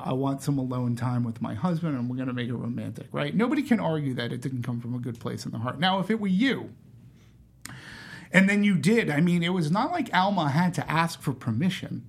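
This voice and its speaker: A man's voice: mid-range voice, creaky. A man hosting a casual discussion, putting questions to the others and thinking aloud with many restarts.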